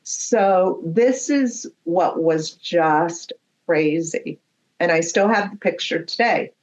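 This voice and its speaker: A woman medium, a guest on a podcast, telling a story in an animated way and acting out the dialogue. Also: on the low side, takes it slowly, poor audio. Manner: animated storyteller who acts out quoted dialogue.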